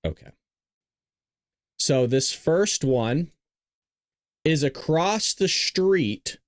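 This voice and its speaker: A man's voice: a little high, lively intonation, very slow, dry recording, studio quality. A man hosting a podcast, talking casually and rambling to viewers while he plays his own video clips. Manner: rambling, talks straight to viewers. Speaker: podcast host.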